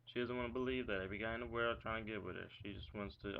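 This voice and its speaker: A man's voice: fairly low pitch, steady tone, racing, creaky. A young man venting angrily about his ex-girlfriend in a profane, rambling vlog rant, full of "like" and rhetorical questions. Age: young adult. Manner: agitated, profane ranting with frequent "like". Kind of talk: ranting vlog monologue. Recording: dull lo-fi webcam audio with faint hiss.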